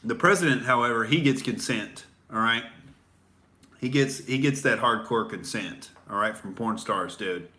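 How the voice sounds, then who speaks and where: A man's voice: mid-range voice, moderate pace, pushed and bright, a little hiss or hum. A young man hosting a profane, sarcastic political rant, rambling with fillers. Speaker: comedian host. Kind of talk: ranting livestream commentary.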